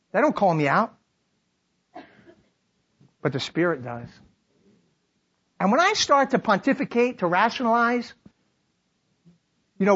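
Brief: middle-aged male pastor, dramatic sermon delivery, husky voice, slightly dull recording. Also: high voice, a bit bright. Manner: dramatic retelling of scripture, acting out quoted voices.

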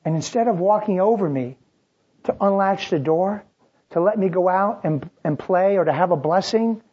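A preacher delivering a sermon, shifting between loud, dramatic outbursts and quiet, drawn-out phrases. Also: mid-range voice, slightly rough, dull audio.

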